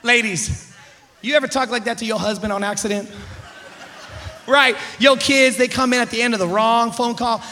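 High, bright-voiced male preacher. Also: moderate pace, long pauses, a little hiss or hum. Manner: animated, acts out characters with shifting voice and loudness. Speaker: pastor. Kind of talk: sermon.

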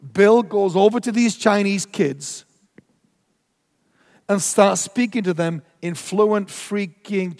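High-voiced preacher in a reverberant hall. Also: male voice. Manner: animated, emphatic, acts out his own reactions. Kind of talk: storytelling sermon.

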